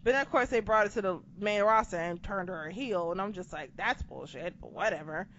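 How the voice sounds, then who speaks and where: A woman's voice: medium pitch, a little fast. A woman co-hosting a podcast, chatting casually through a wrestling recap with sarcastic, profane asides. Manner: profane, sarcastic, animated retelling. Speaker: podcast co-host. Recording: dull lo-fi sound with background noise.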